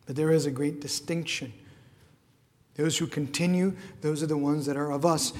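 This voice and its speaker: A man preaching a sermon with passion, rising to loud cries and dropping to hushed tones. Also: fairly high pitch, fairly even intonation, normal speed. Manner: impassioned, swings from shouting to hushed. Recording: long hall reverb.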